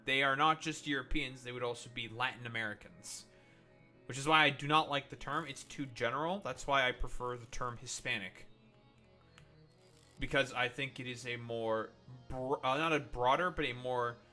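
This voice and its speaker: Sharp-voiced, crude, teasing male streamer. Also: a little high. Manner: crude, teasing, swears a lot. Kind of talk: casual livestream chat.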